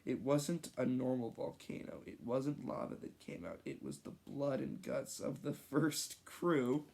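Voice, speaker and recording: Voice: mid-range voice, animated, measured pace, gravelly, a little mellow. A reader casually reading aloud an old childhood story, amused and stumbling over the messy handwriting with joking asides. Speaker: reader of own childhood stories.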